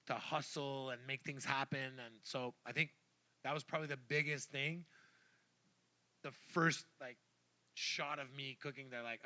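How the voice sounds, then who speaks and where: A celebrity chef telling animated, rambling stories full of fillers, on stage at a live event. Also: male voice, medium pitch, highs cut off. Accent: Montreal English. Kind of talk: casual stage chat.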